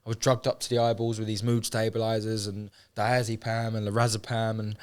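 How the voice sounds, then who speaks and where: A man's voice: on the low side, completely flat delivery, a little fast, clean tone. A man telling his life story candidly as an interview guest, swearing freely and acting out what others said. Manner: swears freely, frequent restarts, acts out quoted speech.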